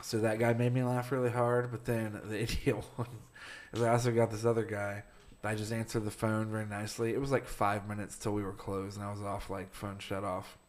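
A man's voice: on the low side, level tone, fairly quick. A man co-hosting a casual podcast chat, telling a work story about phone calls and laughing as he acts out the callers. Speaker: podcast co-host; phone support worker.

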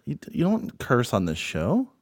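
A man's voice: mid-range voice, huge pitch swings, measured pace, breathy edge, dry recording. Brief: dry, patient male host, voice rising and falling a lot, close dry mic. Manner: patient straight man, dryly questioning. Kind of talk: comedy podcast chat.

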